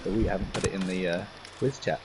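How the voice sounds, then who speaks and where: A man co-hosting a casual gaming podcast, laid-back and quick to laugh. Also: sits low, fairly even intonation, background noise. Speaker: podcast co-host.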